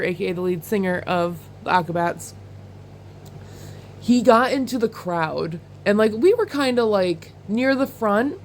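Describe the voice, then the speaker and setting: A young woman vlogging in a casual chat, talking in an excited, rambling way with lots of "like" and "oh my God.". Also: mid-range voice, a little hiss or hum. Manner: chatty and excitable, full of "like" and "oh my God"; bursts into laughter while recounting.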